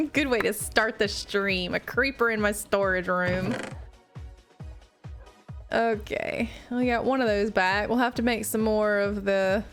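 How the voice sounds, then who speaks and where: A woman's voice: medium pitch, slow pace, long pauses, faint music behind. A young woman streaming a building game live, chatting casually to her viewers and laughing often at her own mishaps. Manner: giggly, self-mocking, laughs often. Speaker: Minecraft streamer. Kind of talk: casual live gameplay chat.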